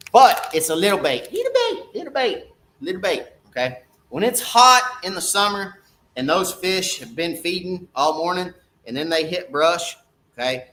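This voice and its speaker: A man's voice: on the high side, bright, forceful tone. A middle-aged man, a fishing guide talking casually on a live stream, folksy and repeating "okay?" to his viewers.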